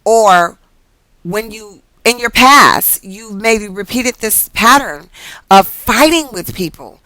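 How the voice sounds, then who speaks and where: A woman's voice: mid-range voice, expressive, takes it slowly, bright, forceful tone, no echo, low-quality recording. A woman reading tarot cards in a casual, rambling vlog, chatty and profane, laughing often and drifting off topic. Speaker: tarot card reader.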